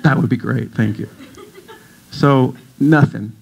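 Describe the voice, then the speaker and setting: A man's voice: medium pitch, slow, creaky, darkish tone, a little hiss or hum, rough recording. A middle-aged man giving a casual, jokey talk to a church audience as a breathwork teacher, telling stories and acting out voices. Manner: playful, jokey storyteller who acts out voices. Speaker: guest speaker, breathwork teacher. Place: congregation hall.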